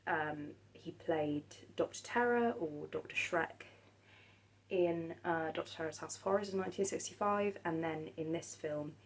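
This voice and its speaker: A woman talking casually about old horror films, soft-spoken and hesitant, with many pauses and restarts. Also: deep voice, low-quality recording. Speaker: film vlogger.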